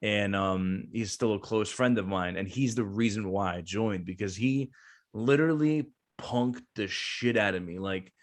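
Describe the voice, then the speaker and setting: A man's voice: lowish voice, measured pace. A man around thirty, a veteran business owner, telling a long casual story as a guest, with lots of fillers and restarts. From New Jersey.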